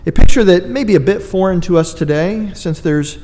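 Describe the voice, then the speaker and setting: A man's voice: high-pitched, fairly quick, mellow, big-room sound. A man preaching a sermon, earnest and emphatic, with dry asides to his congregation. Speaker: pastor.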